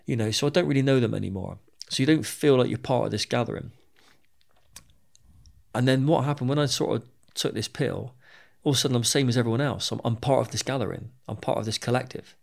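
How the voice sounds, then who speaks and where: Gravelly British ex-soldier telling his story. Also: mid-range voice, quick pace. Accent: British English. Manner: candid and plain-spoken, swears freely, repeats words as he goes. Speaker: interview guest, former soldier. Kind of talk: personal storytelling in an interview.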